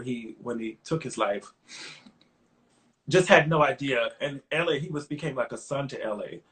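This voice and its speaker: A middle-aged man speaks as an interview guest in an easy, conversational way, spinning anecdotes and voicing the people in them. His voice sits at an ordinary pitch for a man. When he looks back, he turns earnest and openly emotional. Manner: lively anecdotes, acts out others' lines in quotes. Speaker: guest songwriter.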